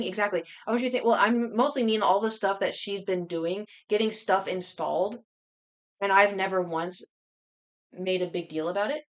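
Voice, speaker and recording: A woman livestreamer telling a rambling, animated story to her chat, talking so fast she has to stop and catch her breath. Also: mid-range voice. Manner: rambling, animated anecdote with many restarts.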